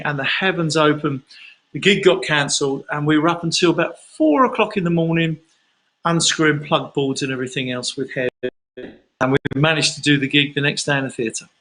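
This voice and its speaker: A man's voice: fairly high pitch, a bit bright, low-quality recording. A man from London, a singer chatting casually through fan questions on a livestream and telling rambling stories.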